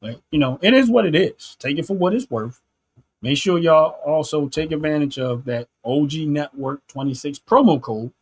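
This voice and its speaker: Earnest man on a preachy rant. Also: fairly high pitch. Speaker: channel host. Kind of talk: solo opinion monologue.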